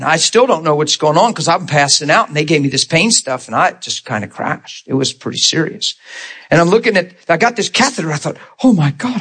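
A man preaching a testimony in a conversational, storytelling way, laughing often and asking his listeners questions. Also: on the high side. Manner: animated, laughs often, acts out quoted voices; conversational, rhetorical asides to listeners.

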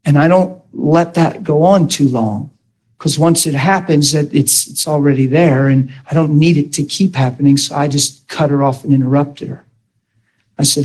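Emphatic preacher man with a higher voice. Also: steady tone, moderate pace, darkish tone. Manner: emphatic, with rhetorical questions to the listeners. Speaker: preacher teaching a class. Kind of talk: sermon-style teaching.

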